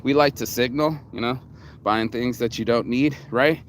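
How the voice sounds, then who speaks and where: A man's voice: medium pitch, moderate pace, a little hiss or hum. Cocky rambling man vlogging outdoors. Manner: profane, cocky, rambling with restarts. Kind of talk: rambling casual monologue. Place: outdoors in the sun.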